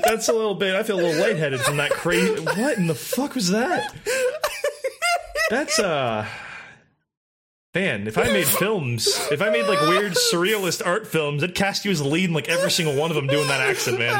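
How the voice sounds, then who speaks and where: High, animated man chatting, noisy recording. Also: normal speed. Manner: animated, swears, laughs a lot. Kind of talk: casual chat. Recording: noisy with clicks.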